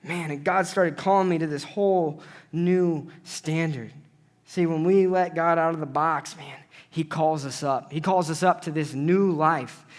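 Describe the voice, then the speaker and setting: A man preaching a sermon in an animated way, acting out conversations with God as he speaks. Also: a little high, measured pace. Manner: animated, acts out dialogues with God.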